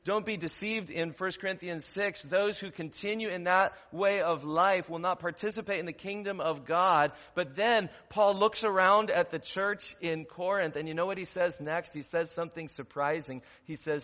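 A man with a fairly high voice preaches a sermon, posing rhetorical questions and rising to loud, emphatic passages. His voice rings with a long reverb in the church sanctuary. The recording sounds dull and lo-fi. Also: moderate pace, few pauses. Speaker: pastor.

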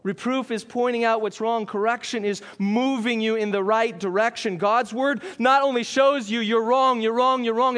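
A man preaching a sermon, earnest, asking the congregation questions and slowing down to stress key points. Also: very high voice, a bit bright. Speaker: pastor.

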